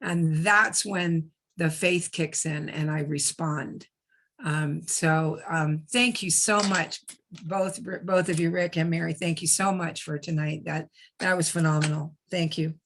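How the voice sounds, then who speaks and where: A middle-aged woman sharing personally at a recovery meeting, halting and heartfelt, with many fillers. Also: deep voice, fairly even intonation, fairly bright tone, a little hiss or hum.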